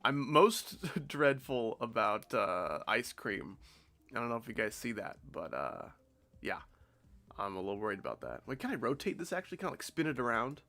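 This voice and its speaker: A man's voice: mid-range voice, sing-song, normal speed, bright, forceful tone. A young man streaming a game, congested and nasal-sounding, chatting in a rambling, offhand and jokey way. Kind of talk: casual live-stream chat.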